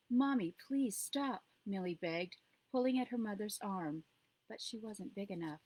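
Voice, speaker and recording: A woman narrates her own book aloud. Her pitch sits in the middle range, and her delivery stays steady and measured. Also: breathy edge, low-quality recording. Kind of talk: audiobook reading.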